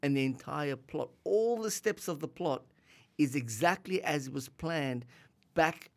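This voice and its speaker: A man co-hosting a film podcast, discussing a movie in casual chat, animated and often restarting his sentences. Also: a little high, a little slow. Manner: animated, chuckling, repeats words when starting. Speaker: podcast co-host.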